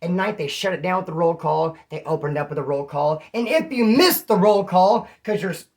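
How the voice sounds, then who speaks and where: A man's voice: high-pitched, lively intonation, brisk, a little mellow. Slangy man telling prison stories. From California. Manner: slangy, rambling, calls listeners homeboy. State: throat issue, slightly hoarse. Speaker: vlogger. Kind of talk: casual storytelling to camera.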